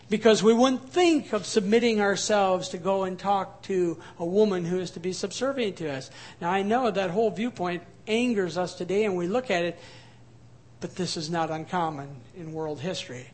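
A man preaching a sermon, turning loud and forceful on points of emphasis. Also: sits high. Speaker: pastor.

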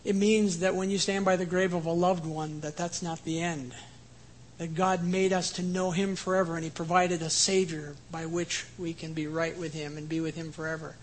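A man preaching an earnest sermon, who later leads a quiet prayer. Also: a little high, little pitch movement, moderate pace, a little hiss or hum, rough recording. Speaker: pastor.

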